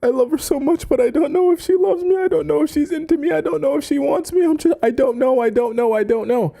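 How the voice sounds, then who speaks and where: A man voicing a teary, lovesick young man, wailing in a high whimper. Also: fast talker, creaky, dark tone.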